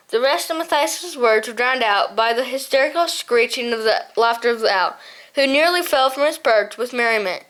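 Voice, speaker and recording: A woman's voice: a little high, moderate pace, a bit bright. A woman reading a children's novel aloud as an audiobook narrator, often stumbling and restarting words. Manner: hesitant, frequent slips and restarts.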